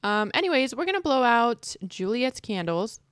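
Young woman gamer, casual let's-play commentary, excitable, fairly high voice. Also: moderate pace, clean tone, no room sound, clean studio sound. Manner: chatty, excitable, squeals at cute moments. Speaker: gaming video creator.

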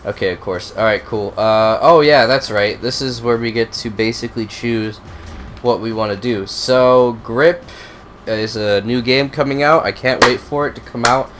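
A man's voice: mid-range voice, normal speed, background noise. Young man with a cold, swearing gamer. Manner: profane, excitable, rambling. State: has a cold, coughing. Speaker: gaming video host. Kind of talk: casual gameplay commentary.

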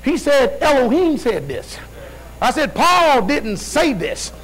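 A man's voice: very high-pitched, sing-song, slow, a bit bright, poor audio. A male preacher giving a fervent sermon, reading scripture with rhythmic call-and-response asides.

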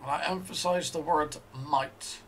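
High-voiced man narrating gameplay. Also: steady tone, unhurried, background noise. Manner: chatty, thinks aloud while playing. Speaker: let's play host. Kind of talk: casual gameplay commentary.

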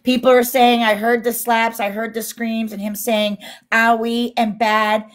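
A woman's voice: on the high side, flat delivery, measured pace. A woman co-hosting a casual livestream, reading viewer comments aloud in an indignant tone. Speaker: livestream co-host. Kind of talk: casual live-stream chat.

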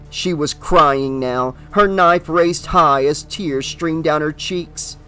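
A man reading a horror novel aloud as an audiobook, with steady, dramatic narration. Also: fairly high pitch, slow pace, hardly any pauses, faint music behind.

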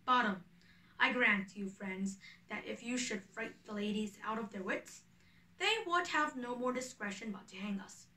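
A woman voices a boastful, eager male weaver who acts as an amateur, her bright voice sitting a little high for a woman. She speaks at a moderate pace, recorded from a distance in an echoey room, away from the mic.

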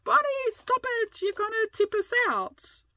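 A woman putting on her husband's voice as he yells at her to stop rocking the canoe. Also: very high voice, big pitch swings, normal speed, no echo, pitched above the performer's own voice, heavily acted. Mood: exasperated. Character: exasperated husband in a canoe, adult man.

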